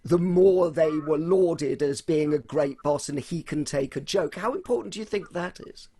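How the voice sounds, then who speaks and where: Man, fairly high voice, podcast host, conversational, asks leading questions. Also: normal speed, mellow, breathy edge. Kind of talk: casual podcast interview.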